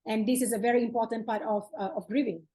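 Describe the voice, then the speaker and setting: A woman hosting a podcast interview, gently affirming and encouraging her guest. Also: fairly high pitch, steady tone, fast, husky, rough recording. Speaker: podcast host. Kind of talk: conversational interview.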